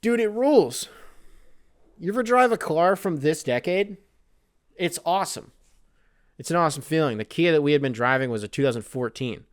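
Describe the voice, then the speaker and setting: Animated, profane male podcast host. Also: fairly high pitch, normal speed, long pauses. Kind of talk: casual comedic monologue.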